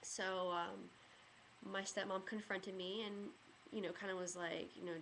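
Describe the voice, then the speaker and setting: Young woman vlogging her story, kinda low voice, says like a lot, emotional, bit of hiss. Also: level tone, moderate pace, creaky, a bit bright. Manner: rambling, heavy use of "like" and "you know"; emotional, gets choked up. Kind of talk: personal storytelling vlog.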